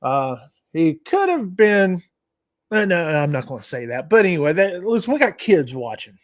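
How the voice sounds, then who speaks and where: A man's voice: high-pitched, big pitch swings, normal speed. A man hosting a casual livestream, telling a rambling, digressive story. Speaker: trucking channel host.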